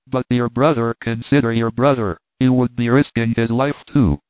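A man doing a brisk old-time doctor. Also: mid-range voice, little pitch movement, dry recording, lightly acted. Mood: matter-of-fact. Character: brisk old-fashioned country doctor, matter-of-fact. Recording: tinny phone-like line, dry.

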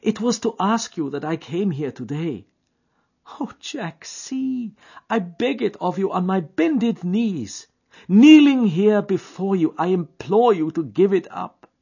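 A man voicing a distraught nineteen-year-old woman, pleading in a high, shrill voice, on a dull lo-fi recording. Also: lively intonation, takes it slowly, gravelly, mellow, husky, heavily acted.

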